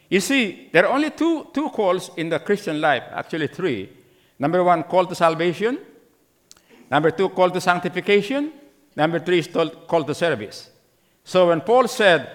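A man's voice: on the high side, fairly bright tone. A middle-aged man preaching a sermon as pastor, asking the congregation many questions and acting out voices from scripture. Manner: acts out voices in the scripture story.

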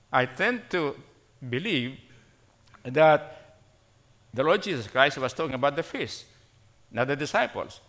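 Preaching a sermon in church, a man with a medium-pitched voice sounds bright and forceful. He repeats key phrases for emphasis and keeps checking in with the congregation by asking "okay?"

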